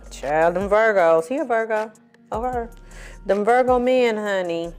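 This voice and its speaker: A woman's voice: medium pitch, measured pace, soft background music. Sassy, foul-mouthed woman recapping reality TV. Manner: sassy, profane, animated storytelling. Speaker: film and TV reviewer. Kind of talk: casual recap commentary.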